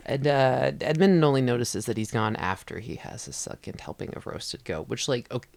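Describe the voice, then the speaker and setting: A man's voice: mid-range voice, expressive, moderate pace, creaky, no room sound. A man co-hosting a podcast, chatting loosely about a book, swearing and acting out a character's lines. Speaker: podcast co-host. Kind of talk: casual book-discussion chat.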